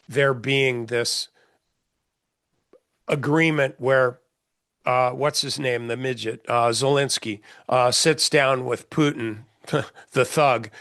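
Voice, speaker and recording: A man's voice: mid-range voice, a bit bright, no echo, clean studio sound. A middle-aged man, a trading mentor, giving blunt, folksy market commentary in a casual session, with many fillers and restarts.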